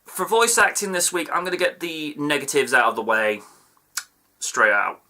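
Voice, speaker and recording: A man's voice: on the high side, sing-song, normal speed, bright, forceful tone. A man giving a casual, chatty review of an episode, with playful asides and digressions. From United Kingdom.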